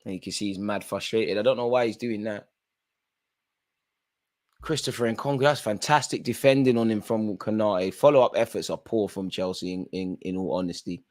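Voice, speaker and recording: A man's voice: fairly low pitch, moderate pace. Slangy man doing football watchalong commentary. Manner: casual slangy banter, calling players by name. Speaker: watchalong host.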